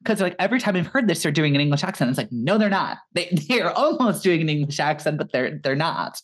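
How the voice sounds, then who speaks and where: A young adult co-hosting a casual podcast about films, animated and opinionated, swearing now and then. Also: medium pitch, fast. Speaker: podcast co-host. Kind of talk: casual film chat.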